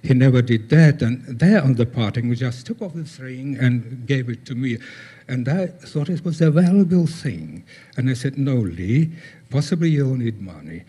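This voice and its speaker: An older man gives a conference talk over slides, halting, with many pauses and fillers. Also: medium pitch, animated, mellow, breathy edge. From former Soviet Union. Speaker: guest speaker.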